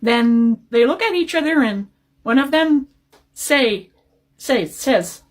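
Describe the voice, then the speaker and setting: A woman with a fairly high voice recounts a past job story, hesitating with ums and uhs along the way. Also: expressive, takes it slowly. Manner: hesitant, with fillers. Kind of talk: casual storytelling.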